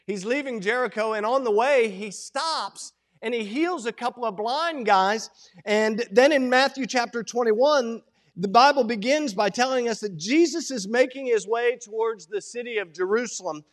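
A man preaching a sermon as pastor. He moves from a quiet prayer into animated teaching that rises to loud quoted cries. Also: very high voice. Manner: opens with a prayer, then preaches in an animated way, rising to shouted quotes.

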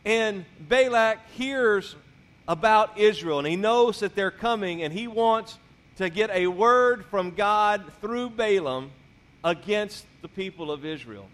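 A pastor delivering a sermon in a high-pitched male voice. He retells the scripture story in a loose, conversational way, as if chatting with the congregation. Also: animated, slow pace, fairly bright tone.

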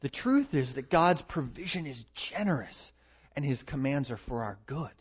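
A man preaching a sermon, emphatic, building to loud stresses and repeating his words. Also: medium pitch, expressive, normal speed, slightly rough. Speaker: pastor. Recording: dull lo-fi recording.

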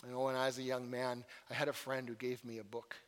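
A man's voice: mid-range voice, flat delivery, fast, in a large hall. A man preaching a sermon in an earnest way, often repeating words and telling stories with animation.

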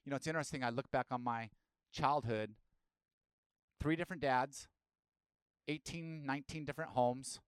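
A man's voice: medium pitch, moderate pace, long pauses, clear, resonant tone, no room sound. A man preaching a sermon as pastor, asking the listeners direct questions and rising into emphatic bursts.

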